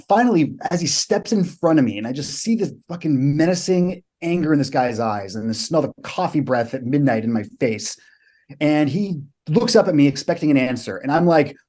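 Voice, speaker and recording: With a medium pitch and a darkish tone, an American man who coaches clients shares stories on a podcast as a guest, telling them emphatically and vividly, cursing bluntly along the way.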